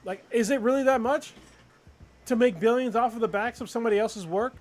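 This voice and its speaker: Man, high voice, casual podcast chat, profane and fired-up. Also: fairly quick. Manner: profane, animated ranting.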